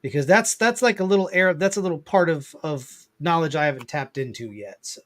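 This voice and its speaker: A man's voice: fairly high pitch, animated, brisk, a bit bright. Enthusiastic man guesting on a podcast. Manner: enthusiastic, repeats himself. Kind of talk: casual podcast chat.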